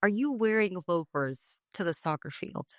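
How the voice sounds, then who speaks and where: A woman's voice: on the low side, expressive, normal speed, dry recording, clean studio sound. A woman podcast host asking long, winding questions in a playful, teasing way. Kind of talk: casual interview questions.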